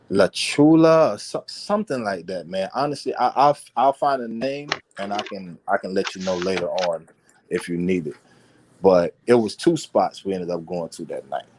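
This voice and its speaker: A man telling a personal story in casual conversation, animated and slangy, swearing and repeating words as he goes. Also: low-pitched.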